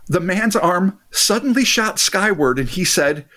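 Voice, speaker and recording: A podcast host telling a strange tale in casual chat, reading passages aloud and breaking off for jokes and swearing. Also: male voice, high-pitched, lively intonation, a little slow, sharp tone.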